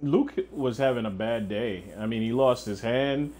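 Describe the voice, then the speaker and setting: A man's voice: mid-range voice, measured pace, darkish tone. A young man livestreaming a video game, chatting casually and profanely while answering viewers. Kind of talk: casual gameplay chat.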